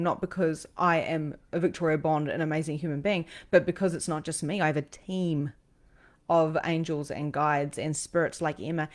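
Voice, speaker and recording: A low-pitched woman who works as a psychic medium hosts a livestream, telling a personal story emotionally and ramblingly, full of ums and restarts.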